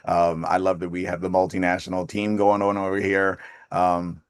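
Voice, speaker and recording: A man's voice: sits low, monotone, normal speed, smooth, no echo, clean studio sound. A man in his fifties hosting a group call, chatting casually in a rambling way and laughing often. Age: 50s. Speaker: host of an accountability call.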